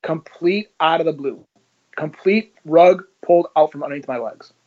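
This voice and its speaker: A man's voice: on the high side, normal speed. Man telling stories with lo-fi sound. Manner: animated, acts out dialogue in his stories. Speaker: interview guest, former police officer. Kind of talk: conversational storytelling.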